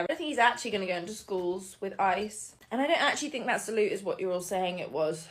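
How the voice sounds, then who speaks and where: A woman's voice: medium pitch, lively intonation, fast, few pauses. Woman, tearful and pleading, vlog to camera. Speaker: social media commenter. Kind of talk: emotional vlog.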